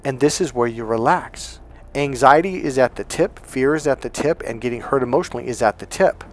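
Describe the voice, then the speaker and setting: A man coaching on dating, talking casually and with energy, swearing freely and acting out other people's voices. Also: fairly quick. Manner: animated, profane, acts out voices with big pitch jumps. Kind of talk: casual storytelling monologue.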